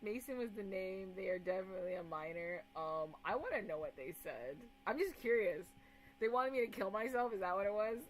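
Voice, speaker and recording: A woman's voice: mid-range voice, animated, soft background music, low-quality recording. A woman streaming as a VTuber, chatting casually with a sarcastic, playful manner. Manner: sarcastic, playful, quick to joke. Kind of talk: casual livestream chat.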